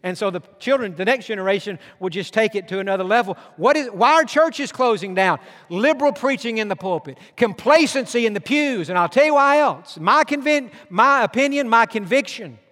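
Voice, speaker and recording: Preacher with a high voice. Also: male voice, expressive, fairly quick, hardly any pauses. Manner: dramatic swings from loud to hushed. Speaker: pastor. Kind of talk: sermon. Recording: long hall reverb.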